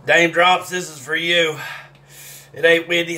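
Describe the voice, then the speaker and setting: A man's voice: on the high side, little pitch movement, measured pace, sharp tone, slight background noise. A man talking casually to the camera in a vlog while his mouth burns and he sweats, drawling, swearing and groaning between bites. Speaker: vlogger eating hot sauce. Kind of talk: casual self-filmed vlog.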